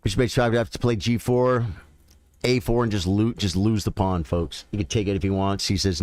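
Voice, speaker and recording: A man streaming chess, chatting casually with viewers and thinking out loud about his games. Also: fairly low pitch, moderate pace, no room sound. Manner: chatty, thinks aloud, addresses viewers directly. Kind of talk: casual live-stream commentary.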